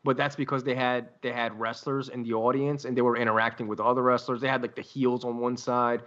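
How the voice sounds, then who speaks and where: A man co-hosting a podcast in casual chat, cursing freely and telling animated stories. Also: medium pitch, brisk. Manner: profane, animated storyteller. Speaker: podcast co-host. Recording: dull lo-fi sound.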